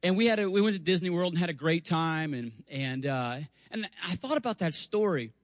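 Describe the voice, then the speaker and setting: Animated storytelling preacher, a man. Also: on the high side, fairly quick, no echo, studio quality. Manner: animated, acts out family voices, stumbles over words. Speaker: guest preacher. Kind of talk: storytelling sermon. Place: church sanctuary.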